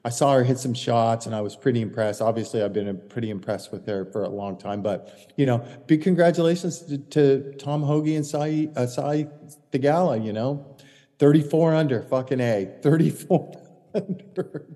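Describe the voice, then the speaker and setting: Dark-voiced man telling a rambling story. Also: mid-range voice, moderate pace, big-room sound. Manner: rambling storyteller, self-correcting. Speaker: podcast co-host, caddie. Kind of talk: casual chat.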